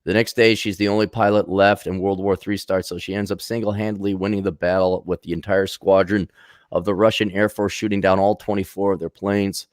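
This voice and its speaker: A man's voice: deep voice, flat delivery, a little fast, no echo, studio quality. A man giving ranting commentary in a blunt, sarcastic, mocking manner.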